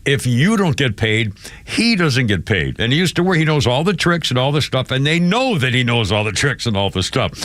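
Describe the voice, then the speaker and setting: A man's voice: mid-range voice, fairly bright tone, no echo. An older man hosting a radio show, talking casually in a rambling, filler-heavy way with chuckling asides. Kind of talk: casual talk radio chat. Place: radio studio. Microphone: studio microphone.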